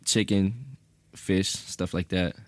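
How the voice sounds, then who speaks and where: A young American man with a low voice talks in a relaxed, offhand way as a radio guest, giving short answers with a dry sense of humour. The studio sound is close and dry, with no room echo. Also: takes it slowly. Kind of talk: casual radio interview.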